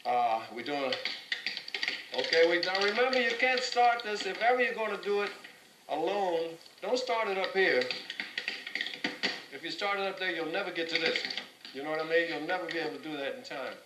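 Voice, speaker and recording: A man's voice: high-pitched, lively intonation, moderate pace, long pauses. A man teaching a tap dance class, counting and scatting rhythms aloud and often repeating his words. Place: dance studio. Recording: roomy, distant, noisy dance studio.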